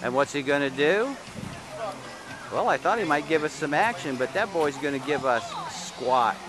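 With noise in the background, a man holding a camera narrates a home video of a child at an outdoor water park. His slightly high voice has lively intonation and a moderate pace as he chats and teases playfully, caught by the camera's built-in mic.

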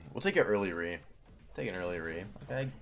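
Young male slot streamer, low pitch, wildly animated delivery, cursing and pleading with the game. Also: fairly quick, creaky, faint music behind. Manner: excitable, swears, pleads with the game. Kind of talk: live gambling stream commentary.

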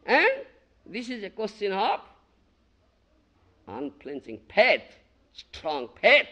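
A man's voice: a little high, wildly swooping pitch, a little slow, long pauses, pushed and bright, lo-fi sound. A man from India giving a devotional lecture, emphatic and questioning, often asking his listeners if they understand and chanting verses, in a 1990 archive recording. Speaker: spiritual teacher giving a lecture. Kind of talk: devotional lecture to a small gathering.

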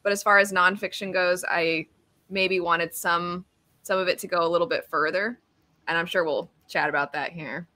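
A woman's voice: fairly low pitch, fairly even intonation, moderate pace, bright, forceful tone, dry recording. A woman guest in a casual book chat on a video call, playful and telling little stories.

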